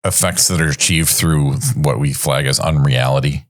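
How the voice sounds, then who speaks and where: A man's voice: rumbling low, fairly even intonation, normal speed. A man co-hosting a writing podcast, chatting casually and rambling, often restarting his thoughts. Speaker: podcast co-host. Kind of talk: casual chat.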